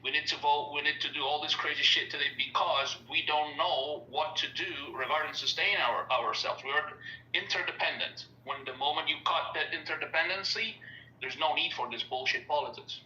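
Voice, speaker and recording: Italian guy on a group call, halting, keeps restarting, bright voice, echoey and far off. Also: a little high. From Italy. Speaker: caller. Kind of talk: casual online group chat. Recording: echoey, distant, dull sound.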